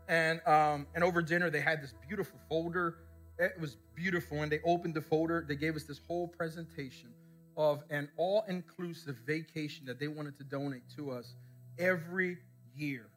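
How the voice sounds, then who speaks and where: Bright high-voiced male pastor preaching. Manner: storytelling, call-and-response questions to the congregation. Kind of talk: sermon. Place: church service before a congregation.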